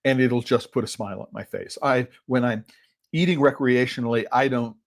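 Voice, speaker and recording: A man's voice: mid-range voice, fairly even intonation, fairly quick, gravelly. A man hosting a solo podcast as a chocolate critic, talking casually with many fillers and restarts while tasting in his office. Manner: rambling, filler-heavy, thinks aloud.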